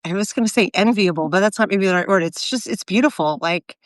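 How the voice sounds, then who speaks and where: A woman's voice: medium pitch, quick pace, no echo, studio quality. A woman in her forties in casual, reflective chat, rambling with many fillers and restarts. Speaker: co-host of a live video chat.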